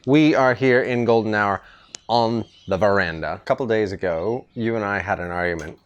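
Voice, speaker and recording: On an outdoor veranda, a middle-aged podcast host chats casually with his son in a smooth, fairly low voice at a moderate pace. The audio is dull, and he rambles through stories in an easygoing way, often restarting.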